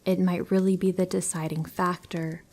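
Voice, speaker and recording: Woman, lowish voice, hushed horror narration, frequent whispers, scripted reading. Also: level tone, normal speed. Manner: soft, hushed storytelling, slipping into whispers. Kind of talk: scripted narration of listener stories.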